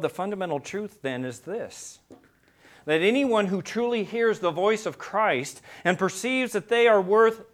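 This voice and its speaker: A fairly high-voiced man preaching a sermon with a lot of dynamic swing. He drops to a hushed, low delivery and then climbs to loud, emphatic peaks, often asking his listeners questions. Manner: asks the congregation rhetorical questions. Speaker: pastor.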